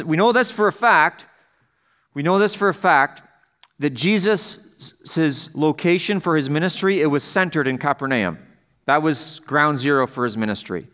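A man's voice: fairly high pitch, a bit bright. A man pastor giving a sermon in a conversational way, often checking in with the congregation and lifting his voice to stress a point. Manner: conversational preaching, asks the congregation questions.

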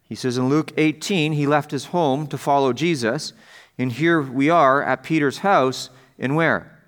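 Preaching in a conversational style, this pastor poses questions to the congregation, checks in with them often, and lifts his voice for emphasis. He has a medium pitch and a fairly bright tone, and his pace is a little slow.

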